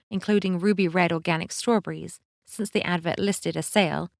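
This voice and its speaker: A woman narrating an audiobook in a calm, even storytelling read. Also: fairly low pitch, no echo, clean studio sound. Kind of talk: scripted narration.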